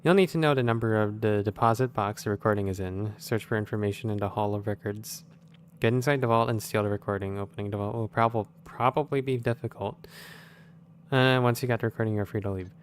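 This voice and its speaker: A man's voice: lowish voice, fairly quick, slight background noise. A man playing a stealth video game, thinking aloud in casual commentary with wry, sarcastic asides. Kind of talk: casual let's-play commentary.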